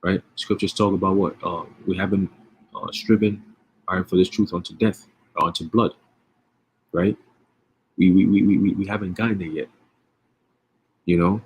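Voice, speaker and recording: A man's voice: sits low, fairly even intonation, normal speed, pauses often, slight background noise. A man giving casual, profane religious commentary, streetwise and emphatic, with frequent rhetorical questions. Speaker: online preacher.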